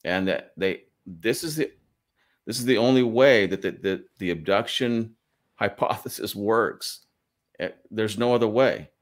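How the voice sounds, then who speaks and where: Analyst guest, man: very deep, earnest, repeats his points for emphasis. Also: a little slow. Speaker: forensic statement analyst, guest. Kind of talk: analytical commentary.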